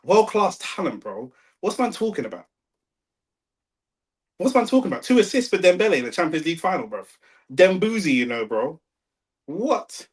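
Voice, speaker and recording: A young man with a London accent, talking slangy and excitable over a live football match and arguing with his chat. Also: high voice, fairly quick. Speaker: watch-along streamer. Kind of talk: live football watch-along commentary.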